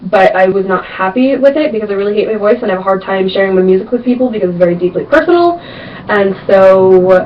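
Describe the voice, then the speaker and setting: A young woman answering viewer questions in a casual vlog, chatty and emphatic, repeating words for stress. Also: medium pitch. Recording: distant, dull lo-fi webcam sound.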